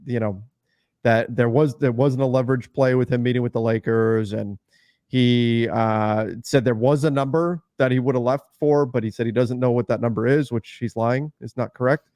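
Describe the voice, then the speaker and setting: A man's voice: medium pitch, fairly even intonation, moderate pace, darkish tone, dry recording, clean studio sound. A man co-hosting a sports talk podcast, explaining his view in a conversational way with everyday examples. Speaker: podcast co-host.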